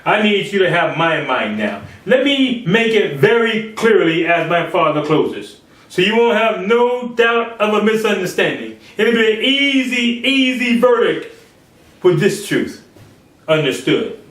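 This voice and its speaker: A man's voice: sits high, big pitch swings, a little slow, a bit bright, roomy sound, recorded from a distance, poor audio. A man preaching a sermon, acting out quoted speakers in changing voices. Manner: acts out biblical quotes in shifting voices.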